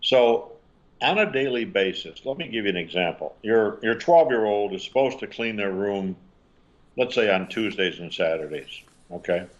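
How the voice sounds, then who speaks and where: Animated older male storyteller. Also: fairly low pitch, normal speed, lo-fi sound. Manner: animated storytelling, acting out quotes. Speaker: parenting author guest. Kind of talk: interview answers.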